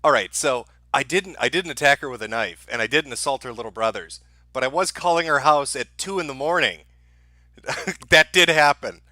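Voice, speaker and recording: A man's voice: mid-range voice, moderate pace, pushed and bright, no echo. A man hosting a livestream, mocking a played clip with profane, sarcastic commentary. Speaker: livestream host.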